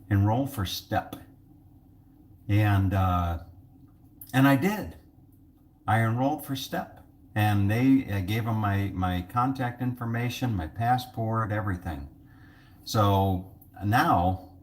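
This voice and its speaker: Brief: man, low deep voice, loose rambling vlogger who pokes fun at himself. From United States. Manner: rambling and jokey, self-mocking. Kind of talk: casual vlog monologue.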